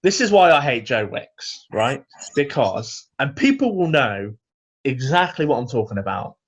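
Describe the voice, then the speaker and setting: A man's voice: medium pitch, big pitch swings, moderate pace. A man co-hosting a comedy podcast from home over a video call, mock-ranting in a dry, grumbling way. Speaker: podcast co-host. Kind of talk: casual comedic chat. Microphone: video call microphone.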